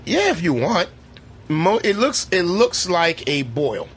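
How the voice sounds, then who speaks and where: A man casually reviewing a movie with a co-host, animated and profane, acting out scenes as he talks. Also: high voice, takes it slowly, breathy edge. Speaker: podcast co-host. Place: movie theater.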